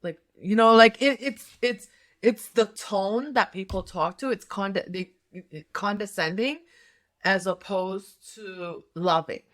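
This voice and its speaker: A woman's voice: mid-range voice, slow, fairly bright tone. A middle-aged woman doing a tarot reading, talking casually in a rambling way with many fillers and restarts. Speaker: tarot reader and nurse health coach.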